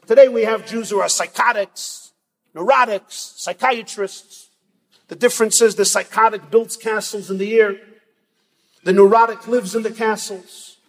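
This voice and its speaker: Dramatic male rabbi-preacher, very high husky voice, big hall reverb. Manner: dramatic, emphatic, swings between loud and soft. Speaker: rabbi speaker at a yeshiva event. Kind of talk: sermon with storytelling. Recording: long reverb from a large hall.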